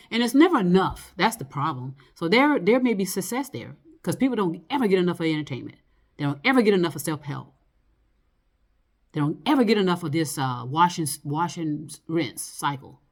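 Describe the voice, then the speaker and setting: A woman talking in a loose, rambling monologue, full of fillers, restarts and swearing. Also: fairly low pitch. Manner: rambling, loose and profane, lots of fillers and laughs.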